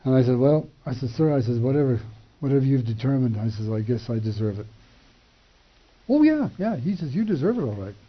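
An older man telling a personal testimony, acting out the dialogue with animated shifts in voice and chuckling between lines. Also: medium pitch, quick pace, hardly any pauses. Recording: dull lo-fi recording.

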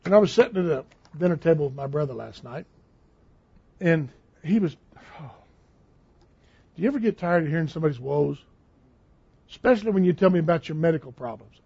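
A man's voice: fairly high pitch, animated, brisk, long pauses, dark tone, slightly rough. A man preaching a sermon in a conversational, emphatic way, repeating phrases for stress. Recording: dull lo-fi recording.

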